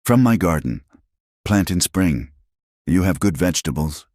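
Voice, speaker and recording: A man's voice: sits low, lively intonation, unhurried, darkish tone, no echo. Man voicing elderly woman, Norwegian accent, blunt, clipped broken English, storybook, dry close sound. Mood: stern. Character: stern elderly Norwegian farm wife, blunt.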